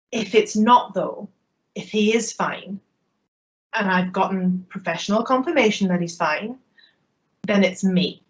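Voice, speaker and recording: Sex: woman. Style: humorous keynote storytelling. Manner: lively, self-mocking. Pitch: mid. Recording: muffled, lo-fi online audio. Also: measured pace. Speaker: keynote speaker. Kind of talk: humorous personal storytelling talk.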